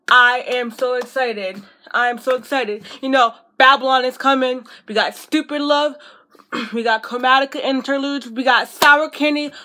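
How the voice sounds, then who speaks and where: A woman vlogging as an excited fan, gushing breathlessly and repeating herself. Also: high-pitched.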